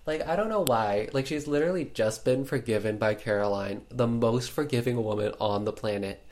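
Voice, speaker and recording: A man's voice: medium pitch, moderate pace, hardly any pauses, darkish tone. A man casually retelling a film's plot, chatty and full of fillers, with playful sarcasm. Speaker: podcast host recapping a film. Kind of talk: casual chat.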